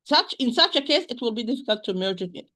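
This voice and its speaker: Woman, Quran recitation teacher, bright, fairly high voice, slow demonstrations of sounds. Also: expressive. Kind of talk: spoken lesson with recited examples.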